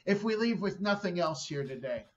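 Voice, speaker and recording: A man's voice: sits high, lively intonation, normal speed, muffled recording, slight background noise. A man guesting on a podcast, telling a story bluntly and with plenty of swearing. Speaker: comedian guest. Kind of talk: casual podcast chat.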